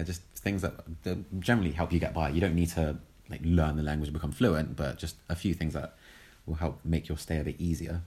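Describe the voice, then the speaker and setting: Deep-voiced man, hesitant and chatty. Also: a little mellow. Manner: hesitant, lots of ums and restarts. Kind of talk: casual chat.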